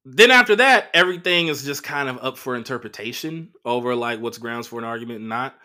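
A man hosting a comedy podcast alone, telling profane relationship stories with animated acted-out quotes. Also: mid-range voice, fairly quick. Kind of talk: casual solo monologue.

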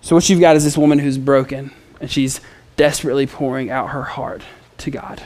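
Here a man with a mid-range, steady, slightly mellow voice preaches a little fast. His expository sermon feels casual and conversational, with scripture read aloud alongside playful asides and fillers.

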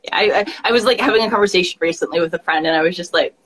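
A woman's voice: lowish voice, racing, a bit bright, breathy edge. A woman interviewing in a laid-back, casual way, giving short affirmations and asking questions with hesitant "um"s. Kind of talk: casual conversation.

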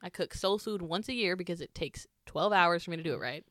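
A woman's voice: lowish voice, fairly quick, a bit bright, no room sound, clean studio sound. A young woman co-hosting a casual book chat, talkative and laughing often. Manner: chatty, laughs often, trails off mid-sentence. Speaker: podcast co-host.

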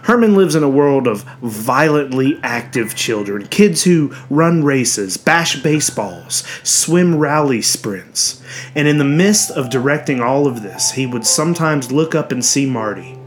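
Male audiobook narrator, measured storytelling. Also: medium pitch, animated, soft background music. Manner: measured storytelling with voiced characters. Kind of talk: scripted narration.

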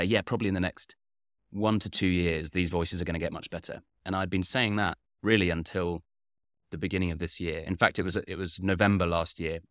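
A man's voice: deep voice, fairly bright tone, no echo, studio quality. A man, a company founder, answering interview questions at length, laying out his points in order with frequent fillers. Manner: methodical, lays points out in numbered order; frequent "uh" and "you know" fillers.

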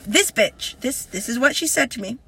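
A young woman chatting casually in a parked car, telling an animated story and acting out what her ex said. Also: a little high, normal speed, gravelly, slightly rough. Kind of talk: casual chat.

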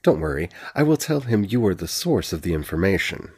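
A man voicing a posh, smirking, predatory male curate with a drawn-out polite tone. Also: sits low, big pitch swings, darkish tone, slightly rough, full character voice. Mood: sneering.

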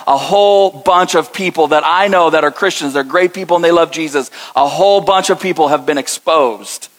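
A middle-aged man preaching a sermon with passion, moving between soft intensity and lively emphasis. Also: sits high, long reverb tail, poor audio. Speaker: pastor.

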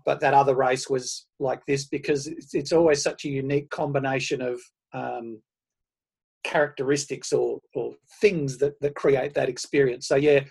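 A man, telling his running stories in a casual, self-deprecating and animated way. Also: mid-range voice, gravelly, breathy edge. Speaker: podcast guest, runner. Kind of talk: casual storytelling.

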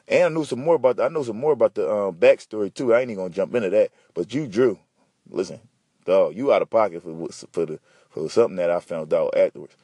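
Man, podcast host, husky voice, dry close mic, slangy animated rambling. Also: fairly low pitch, fast, no room sound. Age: adult. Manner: profane, animated, slangy storytelling. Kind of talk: casual solo podcast rant.

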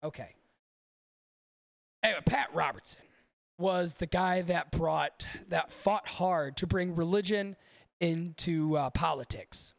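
A man hosts a podcast in loose, rambling banter and swears freely. His voice is high for a man and gravelly. The sound is close and dry. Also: takes it slowly, long pauses, dry recording. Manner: rambling, swears freely, talks to live chat. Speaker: podcast host. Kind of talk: casual profane chat.

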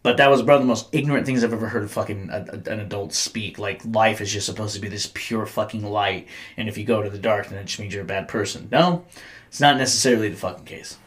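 A man's voice: fairly low pitch, quick pace. A young adult man, a podcast host telling blunt, profanity-laced stories in casual chat.

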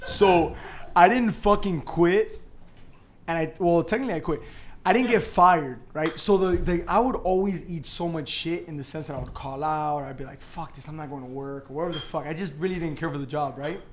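Young man, casual storytelling, swears a lot, voices other people, slightly high voice. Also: brisk, a little hiss or hum. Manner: loud, swearing, acts out quotes. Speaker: podcast co-host.

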